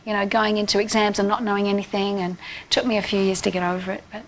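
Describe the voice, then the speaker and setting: A woman's voice: medium pitch, little pitch movement, fast talker, a little hiss or hum. An Australian woman, a talk-show guest, chatting in a self-deprecating way and laughing easily. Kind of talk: casual chat.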